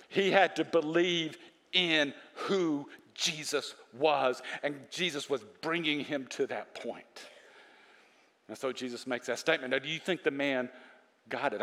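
A man preaching a sermon, animated, quoting scripture and asking his congregation questions. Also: on the high side, a little slow, big-room sound. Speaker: pastor.

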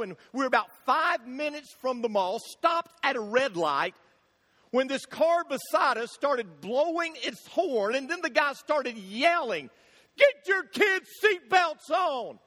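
A man preaching a sermon, telling funny stories in an animated way and acting out the shouting in them. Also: very high voice, a little slow. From Florida, USA. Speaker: pastor. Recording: long hall reverb.

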